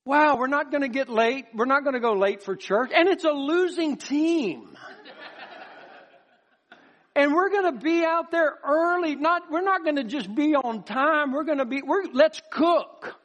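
High-voiced pastor preaching. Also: male voice, a little slow. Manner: animated, folksy, with rhetorical questions and acted-out voices. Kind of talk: sermon.

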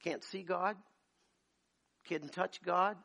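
A man preaching a sermon as pastor, moving from quiet storytelling to loud, shouted preaching. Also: high-pitched, fairly even intonation, slow pace, creaky. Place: church.

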